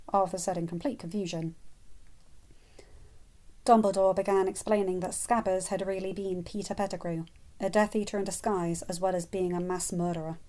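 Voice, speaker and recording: A woman narrating a fan-written story in a steady, even reading voice. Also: mid-range voice. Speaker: fanfiction reader.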